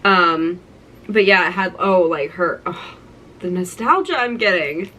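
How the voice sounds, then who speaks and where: A woman's voice: fairly low pitch, lively intonation, measured pace, bright, forceful tone, slight background noise, low-quality recording. A young woman in her twenties talking through a keepsake collection, gushing and nostalgic, with lots of "like". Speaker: vlogger. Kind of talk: casual show-and-tell vlog.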